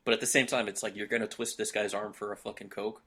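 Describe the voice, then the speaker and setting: A young man with a low voice, hosting a relaxed podcast chat. His tone is bright and a little forceful. He jokes easily and laughs often. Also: fast, slight background noise. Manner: laid-back, laughs often, joking. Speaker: podcast host. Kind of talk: casual chat.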